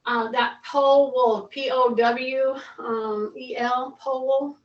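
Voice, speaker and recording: A woman's voice: fairly high pitch, fairly even intonation, slow, muffled recording. A woman fitness instructor leading a live mobility class, giving patient, repeated coaching cues. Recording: echoey room, voice from far off.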